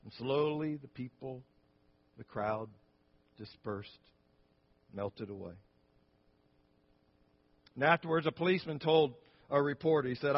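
A man's voice: mid-range voice, a little slow, pauses often. Man preaching a sermon, lo-fi. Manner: earnest storytelling with frequent restarts. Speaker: pastor.

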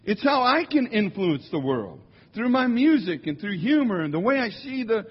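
A man, a musician, telling humorous stories to a congregation in an animated, jokey way, slipping into quick impressions. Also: sits high, slightly rough. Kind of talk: humorous storytelling talk. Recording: dull lo-fi sound in a large reverberant hall.

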